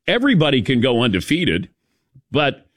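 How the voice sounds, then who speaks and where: A man in his sixties hosting a sports talk show, telling stories in a chatty, animated way with chuckling asides. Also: medium pitch, moderate pace, breathy edge, dry recording, studio quality. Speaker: sports radio host.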